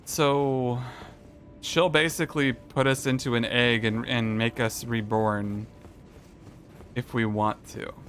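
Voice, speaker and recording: A man's voice: medium pitch, fairly even intonation, slow pace, a bit bright. A man casually commenting on a game he is streaming, thinking aloud and talking to his chat. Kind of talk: casual gaming livestream commentary.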